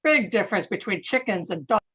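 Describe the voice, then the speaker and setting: A woman's voice: medium pitch, lively intonation, fairly quick, fairly bright tone, slightly rough. A woman town councillor speaking bluntly and impatiently in a council meeting. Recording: dull lo-fi call audio.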